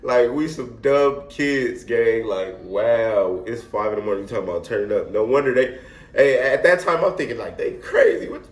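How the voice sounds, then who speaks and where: A young man telling a wild story in a casual, animated, slangy way, laughing often. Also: mid-range voice, moderate pace. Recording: echoey room.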